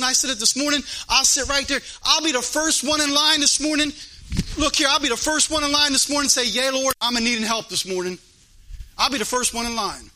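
A preacher, a man, delivers a fervent sermon in a high, piercing voice. His delivery swells into a sing-song chanted cadence. The tone is sharp and forceful throughout. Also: rough recording. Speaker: pastor. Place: church.

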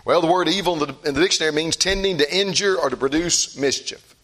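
Male pastor, sermon, emphatic, bright ringing voice, loud-to-hushed swings. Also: fairly high pitch, quick pace.

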